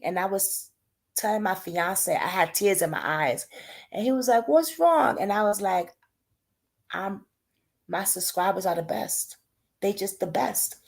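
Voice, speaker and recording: A woman chats at medium pitch with her subscribers on a relaxed home livestream. She talks loosely and warmly from the heart, addressing everyone as y'all. Her delivery stays casual and unscripted throughout. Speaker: livestream host talking to subscribers.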